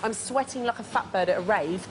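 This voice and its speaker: A woman's voice: medium pitch, fairly quick, a little hiss or hum. A woman, a hotel manager talking bluntly and in slang while serving in a busy restaurant. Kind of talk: reality documentary, on-the-job talk.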